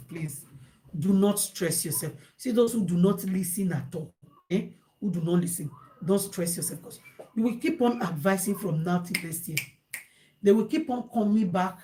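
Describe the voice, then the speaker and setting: A woman's voice: medium pitch, warm tone. Emphatic Nigerian woman giving advice. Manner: emphatic, repeats phrases, mixes Pidgin into English. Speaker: host. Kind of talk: casual advice talk to viewers.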